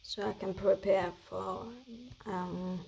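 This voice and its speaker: Tired young woman with gravelly voice. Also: mid-range voice, completely flat delivery, mellow, a little hiss or hum, low-quality recording. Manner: slow, hesitant, many fillers. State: tired, yawning. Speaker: vlogger. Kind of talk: casual vlog chat.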